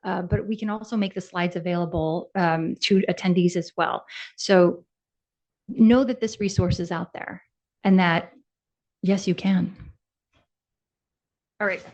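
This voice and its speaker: A woman in her forties giving a conference presentation as an advocate, talking conversationally and asking the audience questions. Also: medium pitch. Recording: dull lo-fi sound.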